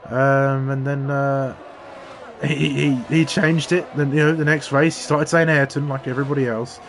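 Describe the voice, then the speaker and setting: A man co-commentating a sim race, telling rambling anecdotes with halting restarts. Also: medium pitch, little pitch movement, slight background noise.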